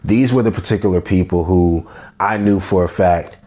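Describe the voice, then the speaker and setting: A man with a Texan country accent talks to his podcast audience alone. His voice sits very low, and he speaks bluntly and frankly in a loose, rambling way. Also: moderate pace, dark tone. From Texas, USA. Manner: candid and blunt, loose and conversational. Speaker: podcast host. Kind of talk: solo podcast monologue.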